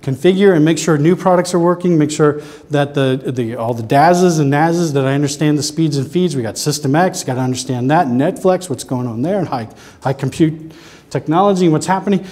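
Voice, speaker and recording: A man with a Southern US accent giving a casual, chatty talk at a conference, full of quick asides. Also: on the high side, a little mellow. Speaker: presenter.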